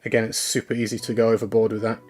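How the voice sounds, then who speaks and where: A man's voice: lowish voice, little pitch movement, very fast, a little mellow. A man chatting casually on a live stream as he works, thinking aloud and talking to his viewers.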